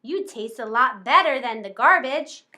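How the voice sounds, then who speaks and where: A scruffy, mangy street dog grumbles in a put-upon way, as a woman reading a storybook puts him on. The voice is loud and bright. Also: on the high side, animated, measured pace. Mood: grumbling.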